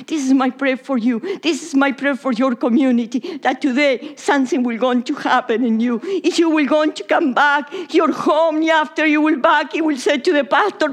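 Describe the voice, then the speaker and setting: High-voiced woman preaching in English. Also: moderate pace. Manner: non-native English with Spanish slips, drops to whispers. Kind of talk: sermon.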